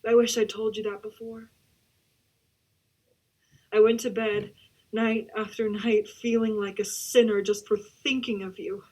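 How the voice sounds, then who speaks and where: A woman acting a grieving young woman making a hushed, tearful confession in a letter. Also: medium pitch, flat delivery, unhurried, pauses often, lightly acted. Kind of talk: theatre monologue over video call.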